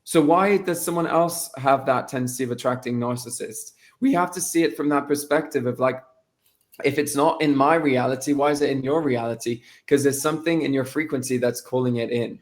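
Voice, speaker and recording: A man of middle pitch talks as a guest in a casual podcast chat. He is emphatic and blunt, and he drives his points with strings of pointed questions. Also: fairly quick.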